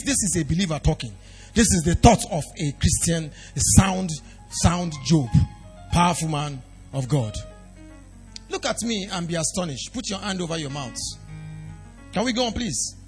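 A man preaching a sermon as pastor, swinging from quiet asides to shouted emphasis. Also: fairly high pitch, expressive, normal speed, pauses often, slightly rough. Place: church hall. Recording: long reverb of a hall with faint music.

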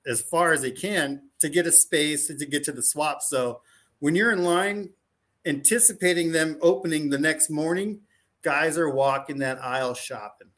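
A man as a podcast guest, rambling through animated anecdotes full of "like" and acted-out quoted dialogue. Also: on the high side, normal speed. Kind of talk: casual storytelling chat.

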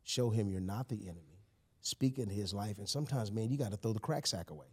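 A man, a podcast guest telling a personal story in casual conversation, animated and emphatic, often saying "you know" and "man". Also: lowish voice, fast talker, breathy edge.

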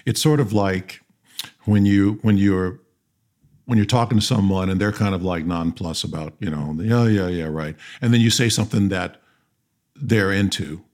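A man who is a guest on a podcast, chatting over a video call and telling wry, animated stories. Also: low voice, normal speed. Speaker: guest, actor and pilot.

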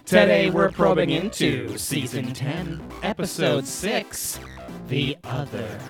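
A man voicing a theatrical male alien announcer who stretches his words slowly and grandly. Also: a little high, sing-song, over loud music, pitched above the performer's own voice, exaggerated voice. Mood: grandiose. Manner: slow, drawn-out, grandiose delivery.

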